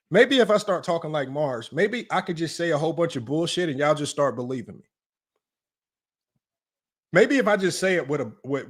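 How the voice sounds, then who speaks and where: A man hosting a live-stream basketball commentary, talking emphatically and repetitively, often tossing questions to his chat and arguing his point. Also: fairly high pitch. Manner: emphatic and repetitive, often asks "right?" and addresses "y'all"; argumentative, talks straight to his live chat. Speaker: sports analytics streamer.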